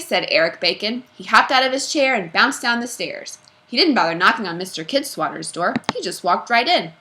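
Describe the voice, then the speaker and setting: Expressive storybook reader, woman, bright tone. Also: medium pitch, brisk, few pauses. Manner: expressive, with character voices. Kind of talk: storybook read-aloud.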